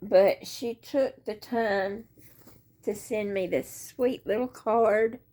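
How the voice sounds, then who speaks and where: A woman's voice: medium pitch, takes it slowly, mellow. A woman chatting to viewers about crochet from her bed at home, talking into a handheld phone in a folksy, rambling, self-deprecating way. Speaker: crochet vlogger. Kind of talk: casual chat to viewers.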